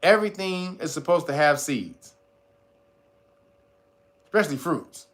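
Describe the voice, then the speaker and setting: A man hosting a casual livestream, talking straight to his viewers in a profane, animated way, laughing often and reading out chat guesses. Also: on the high side, measured pace. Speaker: host.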